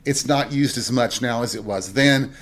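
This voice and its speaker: A man's voice: mid-range voice, moderate pace, fairly bright tone. Southern guy from tennessee, middle-aged, rambling folksy stories on his show, chuckles here and there. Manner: folksy storytelling, chuckling asides. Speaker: podcast host. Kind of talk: casual solo monologue.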